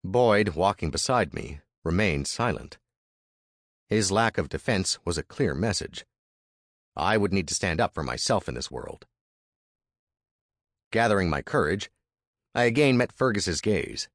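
A man narrating a frontier story in the first person, measured and expressive. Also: fairly low pitch, no room sound, clean studio sound.

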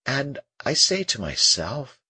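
A man voicing a gentle, melancholy young male prisoner in an audiobook, speaking earnestly and softly with a husky voice. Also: medium pitch, big pitch swings, takes it slowly, dry recording, pitched above the performer's own voice, exaggerated voice. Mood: wistful. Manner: earnest, wistful and soft-spoken. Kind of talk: audiobook character reading.

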